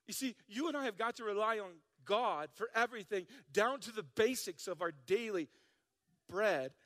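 High-voiced joking male preacher. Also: moderate pace, big-room sound. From South Dakota. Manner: animated, joking, acts out listeners' voices. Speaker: pastor. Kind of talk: sermon.

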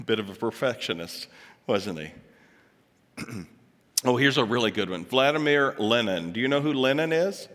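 Before a live audience, a man delivers a joking, conversational talk full of asides and put-on voices for quotes. His voice sits at medium pitch with a fairly bright tone, animated and at normal speed, pausing often, all inside a long hall reverb.

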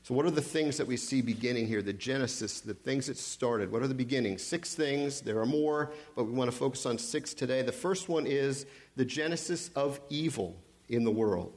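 Guy preaching a sermon, mid-pitched voice, keeps asking questions and pausing for weight. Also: darkish tone. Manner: preaching with repeated rhetorical questions and emphatic pauses. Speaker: pastor.

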